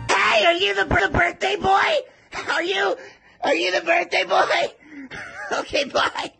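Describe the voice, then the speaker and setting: A man voicing a gleeful, mischievous male animatronic who giggles and teases in loud bursts. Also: very high voice, fairly even intonation, slow pace, gravelly, long pauses, soft background music, heavily acted. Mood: gleeful teasing. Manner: giggly, teasing, shouting.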